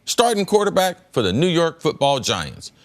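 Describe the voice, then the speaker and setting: An emphatic middle-aged man argues his case on a sports debate show, repeating himself for weight. His pitch swings widely, climbing high when he presses a point. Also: big pitch swings, moderate pace. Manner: emphatic, repeats words, rises sharply when making a point. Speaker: former pro football player turned analyst.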